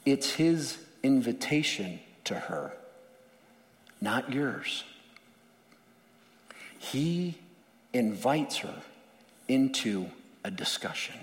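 A man's voice: mid-range voice, big pitch swings, extremely slow, pauses often, in a large hall. A male pastor preaching a sermon in an earnest, emphatic way, often repeating words.

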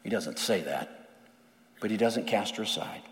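A man's voice: lowish voice, lively intonation, moderate pace, in a large hall. A male pastor preaching a sermon in an earnest, emphatic way, often repeating words.

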